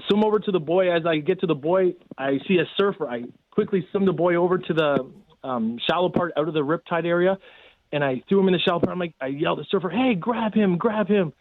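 A man's voice: a little high, fast, no echo. A man in casual storytelling, rambling with many fillers as he recounts events. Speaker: guest telling a rescue story. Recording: tinny phone line.

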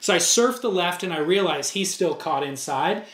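A man co-hosting a podcast, telling a long story in an animated way and acting out the other people's lines in casual chat. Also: high voice, moderate pace, echoey room. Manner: animated storyteller, acts out dialogue. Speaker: podcast co-host.

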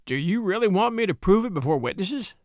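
A grim old-west blackmailer drawls his threats in a rough backwoods dialect, as a man puts him on. The voice rides high and swings widely in pitch. The recording is dry and close. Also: sing-song, fairly quick, no room sound. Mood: menacing. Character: grim rough frontier blackmailer, male, middle-aged.

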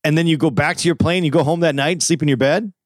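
A man co-hosting a casual comedy podcast, rambling and joking in quick asides. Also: on the high side, steady tone, no echo, studio quality. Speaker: podcast co-host.

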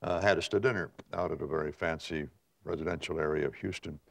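An older man, a veteran newsman, telling stories in a measured, reflective way with frequent pauses and restarts. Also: rumbling low, fairly even intonation, gravelly, a bit bright. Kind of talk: reflective conversational storytelling.

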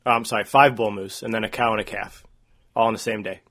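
A man co-hosting a podcast, telling a long story in a rambling, animated way, full of "like" and "uh". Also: lowish voice, fast talker. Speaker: podcast co-host. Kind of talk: casual storytelling.

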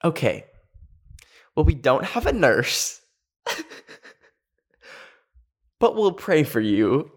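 A man's voice: a little high, very animated, drawn-out words, pauses often, voice pushed up, exaggerated voice. A man voicing a nonchalant male camp counselor in his own story, speaking in a casual, unbothered way.

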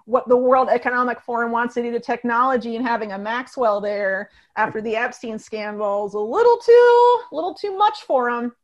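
A woman's voice: on the high side, a little fast, hardly any pauses, highs cut off. A woman talking in a casual podcast conversation, rambling and full of fillers as she tells a long story.

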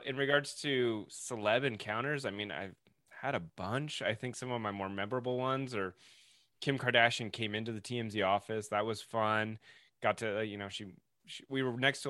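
A man's voice: lowish voice, moderate pace, dry recording, clean studio sound. A man, a podcast guest, casually telling stories with lots of filler words. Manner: relaxed storytelling with filler words.

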